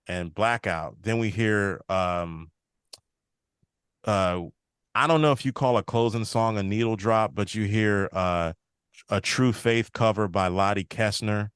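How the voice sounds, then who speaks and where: On his podcast, a man recaps a TV episode in a relaxed way, retelling scenes and quoting characters in a slightly shifted voice. His voice is fairly low with a fairly bright, clean tone. It's captured as clean studio sound with no echo.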